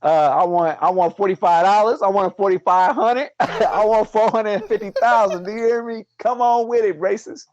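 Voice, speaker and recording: A boisterous, joking man with a high voice who laughs often as he trades casual podcast banter. The sound is dry and close, with no room echo. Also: normal speed, a little mellow, lo-fi sound. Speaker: podcast guest, fellow show host.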